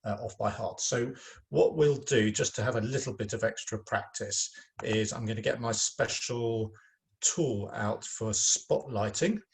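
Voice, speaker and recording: A man's voice: fairly low pitch, a little slow, gravelly. A man teaching a French lesson online, speaking to pupils in a patient, encouraging way with a touch of self-mocking humor.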